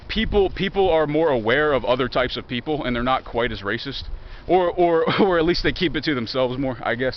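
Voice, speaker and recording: A young vlogger with a Southern Virginia country accent rambles while walking through woods near a highway, swearing, joking and being sarcastic. His voice is on the high side, and the audio is dull with slight background noise.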